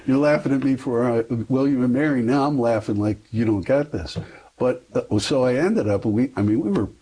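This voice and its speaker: A man's voice: medium pitch, expressive, normal speed, mellow, husky, rough recording. A middle-aged man, a guest on an interview, telling a long personal story in a rambling, self-deprecating way with frequent fillers.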